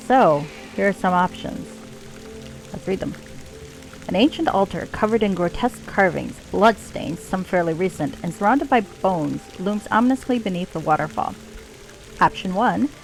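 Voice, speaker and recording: A woman's voice: medium pitch, animated, normal speed, faint music behind, low-quality recording. Wry woman streaming a game. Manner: wry and sarcastic, reads game text aloud. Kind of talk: casual game commentary.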